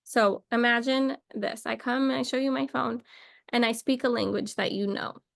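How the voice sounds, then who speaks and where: Higher-voiced woman with gravelly fry. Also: steady tone, normal speed, a bit bright, no room sound, clean studio sound. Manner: rambling, playful, thinking aloud. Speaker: video creator. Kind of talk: casual mock-lesson monologue.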